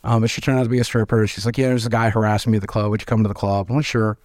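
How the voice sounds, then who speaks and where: A man, telling candid stories as an interview guest, animated and swearing freely as he acts out quoted voices. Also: fairly low pitch, rapid-fire, no echo, clean studio sound. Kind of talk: candid storytelling.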